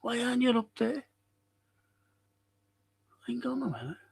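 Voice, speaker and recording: Slow-talking older Scouse man. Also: extremely high pitch, vocal fry, husky. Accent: Liverpool (Scouse). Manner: chatty, rambling, excitable bursts. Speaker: livestream host reading chat. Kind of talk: casual chat reading viewer comments.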